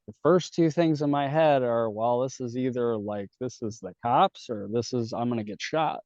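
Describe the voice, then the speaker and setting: A man's voice: medium pitch, a little mellow, smooth, no room sound. Casual cursing man telling raw stories. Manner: casual, swears a lot, acts out dialogue. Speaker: podcast guest telling his story. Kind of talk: candid storytelling. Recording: dull dry podcast audio.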